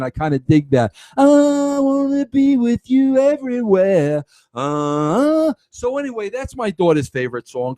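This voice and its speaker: A middle-aged man hosting a podcast, telling a story in an animated, self-mocking way with stammering restarts. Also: high-pitched, no room sound. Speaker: podcast host. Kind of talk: casual storytelling monologue.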